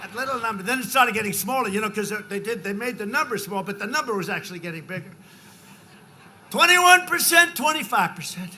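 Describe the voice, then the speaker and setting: A forceful, tense-toned man in his seventies speaks at a big political rally, his fairly high voice cutting through faint background noise. He rambles through repetitive asides to the crowd, then shouts out numbers for emphasis. The delivery is loose and off the cuff, like campaign talk at a podium microphone. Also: expressive, a little fast. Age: 70s.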